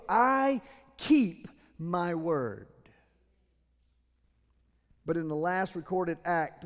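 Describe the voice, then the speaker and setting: A man, preaching a sermon as pastor in a church, moving between loud emphatic passages and quiet, earnest asides. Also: high voice. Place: church sanctuary. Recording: long hall reverb.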